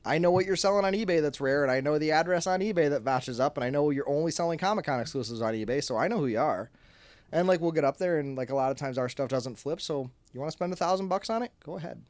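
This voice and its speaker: A man talking as a guest in a podcast interview, telling animated stories, acting out quoted arguments with a raised voice and swearing freely. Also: on the high side, fast talker, no room sound. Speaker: guest, toy company founder. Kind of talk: casual storytelling in a podcast interview. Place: office or studio.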